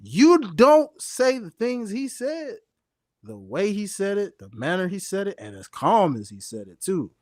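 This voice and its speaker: A man co-hosting a casual wrestling podcast, speaking emphatically with drawn-out stresses. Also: sits high, sing-song, a little mellow, dry recording, studio quality. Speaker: podcast co-host.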